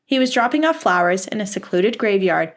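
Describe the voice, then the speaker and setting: A young woman co-hosting a podcast in casual chat, animated and quick to laugh, with dramatic reactions. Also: mid-range voice. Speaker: podcast co-host. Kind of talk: casual chat, reading stories aloud.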